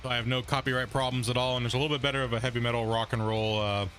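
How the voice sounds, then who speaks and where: A male streamer talking casually to his viewers while he plays, his voice bright and forward. He rambles with plenty of fillers and asides, sometimes between bites of food. Faint music plays underneath. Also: mid-range voice, level tone, rapid-fire. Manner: rambling, filler-heavy, says "man" and "right". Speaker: live streamer. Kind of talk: casual live stream chat while playing.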